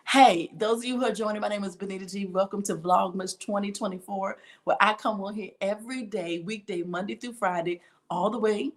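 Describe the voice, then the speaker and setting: A middle-aged woman teacher talks straight to her viewers in a casual daily vlog. She is animated and laughs often. She slips into the voices of the people in her stories as she tells them. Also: mid-range voice. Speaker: education vlogger and teacher.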